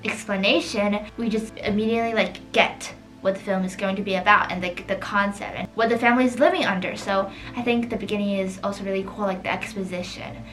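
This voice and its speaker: This art vlogger sketches and chats about a film, leaning on "like" as filler in nearly every sentence. She speaks a little fast with few pauses, her mid-range voice fairly even in intonation. The audio is poor, with soft music underneath.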